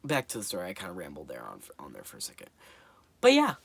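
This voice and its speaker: A man's voice: low voice, wildly swooping pitch, quick pace, creaky, husky, no echo. A man giving a casual spoken movie review, rambling and hesitant with lots of fillers.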